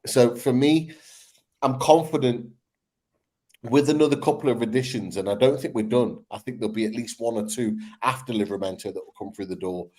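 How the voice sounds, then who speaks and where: A man's voice: medium pitch, a little fast, darkish tone. A man hosting a casual football chat. He talks in an upbeat, rambling way and often restarts his sentences. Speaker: podcast host.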